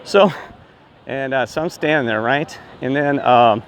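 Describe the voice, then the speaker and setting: Excitable rambling man talking outdoors near traffic. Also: mid-range voice, unhurried. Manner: excitable, meandering, repeats exclamations of disbelief. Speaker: self-described street minister. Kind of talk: rambling casual vlog storytelling.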